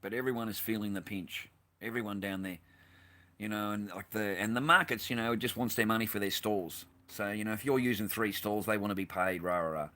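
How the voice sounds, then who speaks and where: A man's voice: fairly low pitch, fairly quick, pushed and bright. An Australian man hosting a casual livestream, rambling and swearing bluntly as he answers his live chat. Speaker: livestream host.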